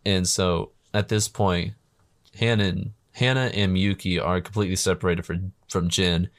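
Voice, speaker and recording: A man with a very low voice recaps a film in a casual chat. He tells it with slang and wisecracks and swears freely. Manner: joking, slangy storytelling with profanity.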